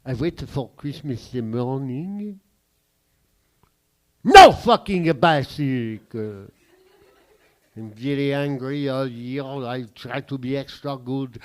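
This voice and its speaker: A man voicing an aggrieved French man recalling his boyhood, with a put-on French accent and deadpan, indignant delivery in a standup bit. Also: mid-range voice, takes it slowly, hardly any pauses, voice pushed down, close to an everyday voice. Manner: indignant, deadpan storytelling with profane punchlines.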